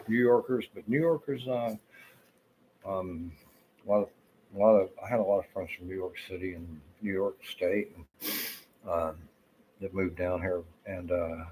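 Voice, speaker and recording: Southern guy in his 50s, low voice, rambly storytelling, swears a lot, lots of uh and you know. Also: a little mellow, a little hiss or hum, poor audio. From Florida. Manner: rambling, profane, many fillers. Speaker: vlogger.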